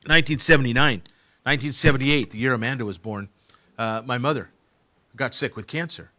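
Middle-aged male preacher, bright tone, sermon delivery, dynamic from hushed to booming, repeats for emphasis. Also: a little fast. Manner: swings from quiet to loud, emphatic repetitions. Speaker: pastor.

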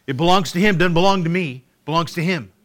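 A middle-aged man preaching a sermon, swinging from quiet, intimate lines to loud, emphatic repetitions. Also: fairly high pitch, fast. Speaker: pastor.

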